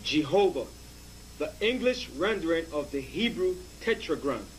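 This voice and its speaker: A man's voice: on the high side, big pitch swings, normal speed, a little hiss or hum, rough recording. A man reading dictionary entries aloud for a teacher, hesitant with fillers. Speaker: assistant reading references aloud.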